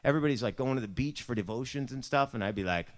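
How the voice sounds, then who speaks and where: A man from Buffalo, New York, speaking with a Buffalo accent, tells a self-mocking personal story during a church devotion. His medium-pitched voice is animated and rapid-fire, and he chats along, acting out the voices in his anecdotes.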